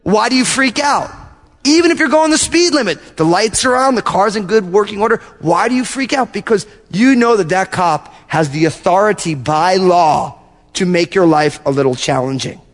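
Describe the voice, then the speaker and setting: A man pastor preaching a sermon, telling animated stories and acting out little asides to his congregation. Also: sits high, moderate pace, in a large hall. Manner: animated storytelling with acted-out asides.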